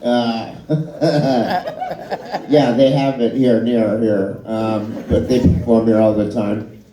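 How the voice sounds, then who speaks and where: A man's voice: mid-range voice, takes it slowly, mellow, slight background noise. A middle-aged man doing stand-up comedy in a bar and grill, telling rambling, self-deprecating, profane anecdotes. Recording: echoey live room.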